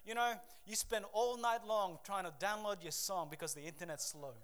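A man preaching a sermon to a church congregation, swinging from loud exhortation to hushed, emotional confession. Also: high-pitched, moderate pace, smooth. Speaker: pastor. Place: church service.

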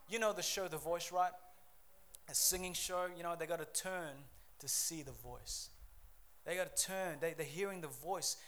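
A man preaching a sermon at a church service, building to loud emphatic peaks, then pleading softly as he gives an altar call. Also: fairly high pitch, moderate pace. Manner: softer, pleading invitation during altar call.

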